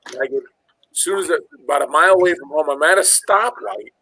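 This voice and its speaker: A man's voice: on the high side, quick pace, sharp tone, slightly rough, no room sound, low-quality recording. A man, probably in his forties, casually telling a long personal story, rambling and swearing and acting out the other voices in it. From Illinois, USA. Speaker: podcast host.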